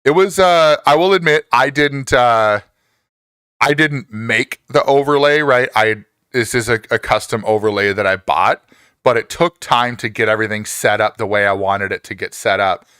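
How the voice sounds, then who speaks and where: A man in his forties casually chatting with viewers on a live stream, reading their messages, laughing often and jumping up in pitch when excited. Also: moderate pace, clear, resonant tone, no echo, studio quality.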